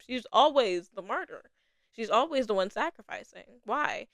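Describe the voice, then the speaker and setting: A young adult woman hosting a casual TV review podcast, animated and swearing casually, laughing often between her thoughts. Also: a little high, normal speed, dry recording. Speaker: podcast host.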